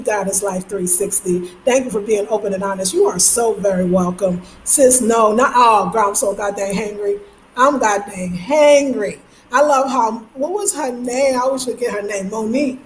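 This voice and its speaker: A young woman with a New York accent chats loosely on a livestream. She reads viewers' comments, jokes, and laughs often in a slightly high voice. The room has an echoey ring with a faint hiss of noise under it. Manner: chatty, animated, laughs often, slangy. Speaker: livestream host. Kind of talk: casual live chat reading comments. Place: home.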